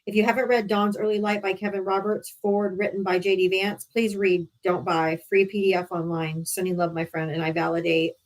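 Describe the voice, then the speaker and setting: A woman's voice: medium pitch, level tone, brisk, hardly any pauses, rough recording. A woman hosting a live talk stream in a casual, blunt way, swearing freely. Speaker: livestream host.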